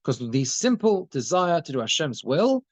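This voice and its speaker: A man's voice: a little high, big pitch swings, moderate pace, no echo. Rabbi guy teaching torah to a small group, reads hebrew then explains it, lots of restarts, dry close sound. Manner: translates Hebrew phrases as he goes, many restarts. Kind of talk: conversational Torah class.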